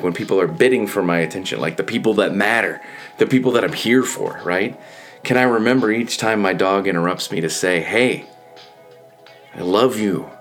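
Earnest man with a lowish voice. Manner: earnest, repetitive, conversational. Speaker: speaker giving a reflective talk. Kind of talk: motivational monologue.

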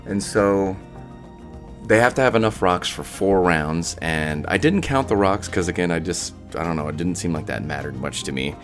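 A man's voice: low voice, animated, normal speed, soft background music. A man recounting a personal experience in a casual, rambling way, full of fillers and restarts. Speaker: storyteller.

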